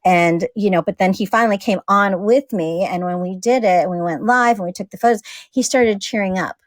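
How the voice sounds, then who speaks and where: A woman's voice: medium pitch, a little fast, dry recording. A woman chatting casually as a guest, laughing often and acting out bits of family dialogue. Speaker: single mother. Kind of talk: casual conversation.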